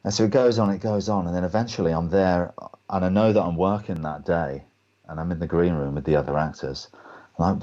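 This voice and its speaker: Deep-voiced English actor, lo-fi call. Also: male voice, a little fast. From England. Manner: animated anecdotes, acts out other people's lines. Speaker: guest actor. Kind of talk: storytelling in a webcast Q&A.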